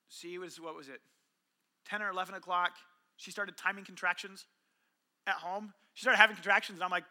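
A very high-pitched man preaches in a lively storytelling way. He acts out little dialogues, jumping from hushed lines to shouts. His tone is sharp and bright throughout. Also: normal speed, long pauses. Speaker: pastor. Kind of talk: sermon.

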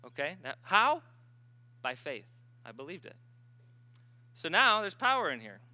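A man preaching at a healing service, his voice forceful and sharp-edged and sitting a little high. He tells stories animatedly and breaks into sudden bursts of excitement. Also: a little slow, no echo. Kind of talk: sermon.

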